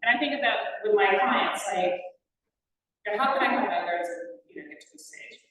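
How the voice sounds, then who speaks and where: A woman's voice: medium pitch, a little fast, a bit bright. Distant, echoey woman giving a talk. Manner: rambling, many fillers and self-corrections. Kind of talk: casual presentation to an audience. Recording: very echoey room, distant mic.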